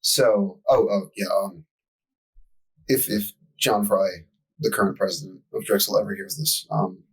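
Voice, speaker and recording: A man's voice: fairly low pitch, measured pace, slightly rough, low-quality recording. A young man telling a profane, exasperated story in casual podcast chat as co-host.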